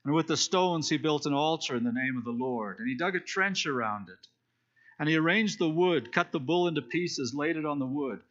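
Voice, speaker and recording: This Bible study preacher speaks fairly quickly, his pitch fairly high and his tone fairly bright. In a relaxed, explanatory sermon he retells scripture, stumbling through fillers and restarts, captured on a dull lo-fi recording.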